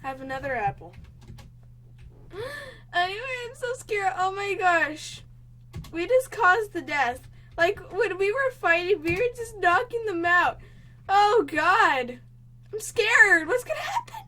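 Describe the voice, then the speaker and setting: A young woman talks through a video game, her voice high and bright. She takes her time between lines, then breaks into gasps and panicked cries as things go wrong. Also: slow, pauses often. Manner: excitable, gasping, panicky exclamations. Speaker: gaming channel host. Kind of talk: let's play commentary.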